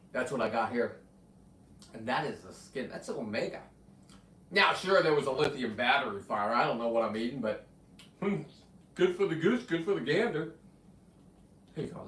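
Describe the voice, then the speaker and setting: A man's voice: fairly high pitch, a bit bright, recorded from a distance, slight background noise. Brash, profane man on a livestream. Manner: brash, profane, talks to his dog. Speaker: livestream host. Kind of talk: rambling livestream chat. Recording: echoey room, off-mic.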